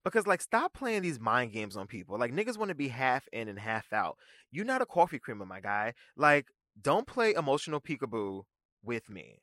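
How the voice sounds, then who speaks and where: Brief: male podcast host, sassy and slangy, lively swooping delivery, bright forward tone, dry close mic. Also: medium pitch, no room sound. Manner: animated, sassy and slangy, quick asides. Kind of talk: casual recap commentary.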